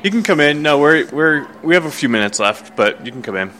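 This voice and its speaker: A man's voice: fairly high pitch, animated, a little fast, pushed and bright, a little hiss or hum. A man hosting an interview, mostly giving short encouraging replies to his guest in a room. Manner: brief encouraging backchannel replies. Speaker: interviewer, host. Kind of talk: casual interview chat. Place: indoor room in Chicago.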